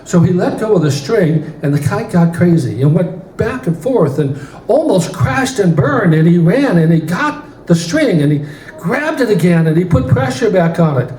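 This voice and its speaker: A man telling a story from the pulpit in an animated way in a church. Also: sits high, moderate pace, a little hiss or hum. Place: church sanctuary. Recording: roomy church hall, faint ambience.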